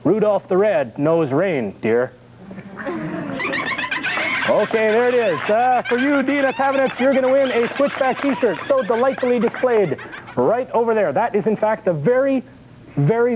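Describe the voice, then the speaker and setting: A man's voice: very high-pitched, brisk. A man hosting a TV show, reading out viewer jokes and local announcements in a chatty, jokey way. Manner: chatty, jokey, animated delivery. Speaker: kids' TV show host. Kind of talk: on-air joke reading and announcements. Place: TV studio. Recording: dull lo-fi 1980s VHS TV recording with faint hiss.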